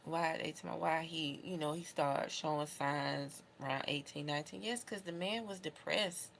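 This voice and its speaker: A woman's voice: low voice, moderate pace, gravelly, fairly bright tone, slight background noise. A young adult woman vlogging casually to camera, talking in an emotional, heartfelt, rambling way. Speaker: beauty vlogger.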